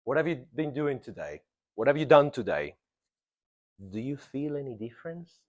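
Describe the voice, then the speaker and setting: In a lo-fi recording, a male English teacher leads a grammar lesson for his class, his middling voice rising and falling with lively emphasis. He drills key words again and again, often checking on students with a quick "yeah?"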